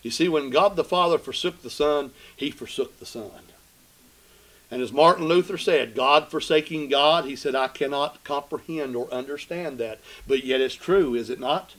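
A man preaching a sermon, asking questions of his listeners and swinging between loud emphatic cries and hushed low asides. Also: normal speed, low-quality recording.

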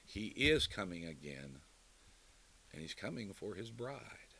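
A man preaching a sermon and closing in prayer, emphatic, building to loud declarations and dropping low again. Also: sing-song, measured pace, background noise.

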